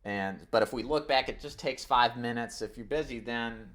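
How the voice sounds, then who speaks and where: A man's voice: mid-range voice, moderate pace, fairly bright tone. A man teaching insurance agents in a live online training, coaching with energy and acting out phone scripts. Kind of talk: live webinar sales training.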